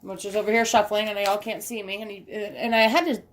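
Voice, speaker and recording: A woman reads tarot cards aloud in a relaxed, chatty way, talking her thoughts through as she shuffles and lays out the cards. Her voice sits at a medium pitch. A phone camera propped nearby picks her up over a faint hiss. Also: fairly quick. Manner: chatty, thinking aloud while handling cards. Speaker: tarot card reader. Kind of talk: casual spoken tarot reading.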